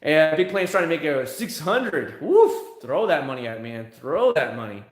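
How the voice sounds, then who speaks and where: A man's voice: on the high side, big pitch swings, moderate pace, roomy sound. A man in his thirties hosting a livestream, chatting casually and answering comments as they come in. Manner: rambling, answers chat comments. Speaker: livestream host.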